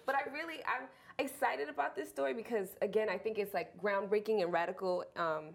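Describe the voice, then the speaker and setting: A woman's voice: medium pitch, fairly quick, vocal fry. A woman co-hosting a casual panel chat show, talking with enthusiastic emphasis. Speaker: show co-host.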